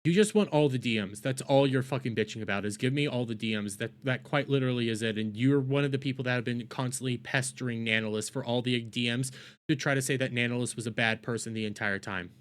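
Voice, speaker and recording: A young man hosting a reaction commentary at home, ranting in exasperation, swearing, repeating himself and breaking into loud outbursts. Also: mid-range voice, fast. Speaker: reaction channel host. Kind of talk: exasperated commentary over a video. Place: home at night.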